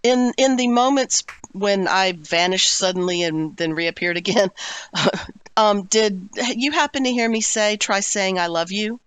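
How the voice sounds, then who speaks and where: A woman's voice: mid-range voice, measured pace, fairly bright tone, clean tone, no room sound. Giggly woman player on a call. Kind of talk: casual chat at a tabletop game. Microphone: video call.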